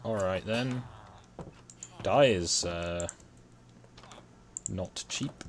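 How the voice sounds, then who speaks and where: A young man in casual gaming chat, relaxed and muttering to himself as he plays. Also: deep voice, very slow, slight background noise. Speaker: let's play co-host.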